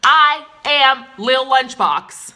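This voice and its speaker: A woman's voice: lowish voice, moderate pace, sharp tone. A woman playing a self-pitying woman who identifies as a clown, in a comedic character vlog, sighing and ranting with dramatic outbursts. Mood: indignant.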